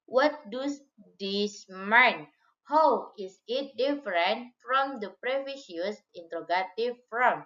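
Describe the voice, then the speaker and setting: A woman's voice: medium pitch, animated, slow pace, a bit bright. A young woman with an Indonesian accent, a student reading a grammar lesson aloud carefully and giving translations. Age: young adult. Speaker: student presenter. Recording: dull lo-fi recording.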